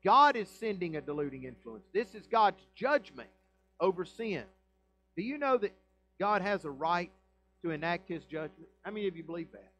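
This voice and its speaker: Emphatic high-voiced pastor preaching. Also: male voice, very animated, moderate pace, lo-fi sound, soft background music. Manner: emphatic preaching with rhetorical questions and swings in loudness. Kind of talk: sermon. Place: church sanctuary.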